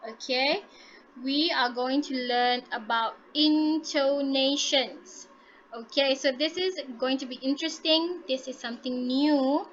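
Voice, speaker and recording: Bright, high-voiced teacher. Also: female voice, dull audio, a little hiss or hum. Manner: encouraging, repeats "okay" often, mixes in Malay. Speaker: English teacher. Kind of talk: online class teaching. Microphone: laptop mic on a video call.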